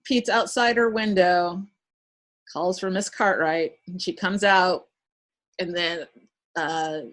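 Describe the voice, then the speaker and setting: A podcast host recaps an episode in a casual chat, her voice lowish and her pace slow. She retells things with animation, acting out quoted lines and laughing often.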